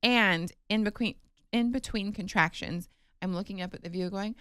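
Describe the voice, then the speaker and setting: A woman co-hosting a podcast, telling a personal story in casual chat, animated and emotional with many fillers. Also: medium pitch, moderate pace, clean tone, dry recording, clean studio sound. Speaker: podcast co-host.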